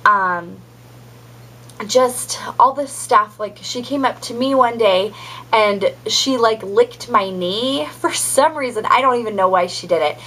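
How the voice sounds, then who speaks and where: Chatty breathy young woman vlogger. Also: fairly high pitch, unhurried, a bit bright, rough recording. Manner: chatty, many ums and likes. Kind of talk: casual pregnancy update vlog.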